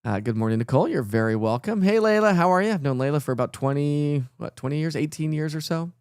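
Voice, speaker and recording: A man's voice: fairly high pitch, expressive, quick pace, a little mellow, clear, resonant tone, no echo, clean studio sound. A middle-aged man, hosting a casual live weather stream and greeting viewers by name. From East Tennessee.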